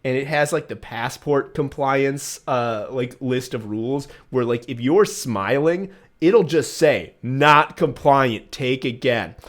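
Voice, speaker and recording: A man's voice: mid-range voice, measured pace, few pauses. A man co-hosting a podcast, telling a travel story in a rambling, profane way with lots of fillers. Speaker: podcast co-host.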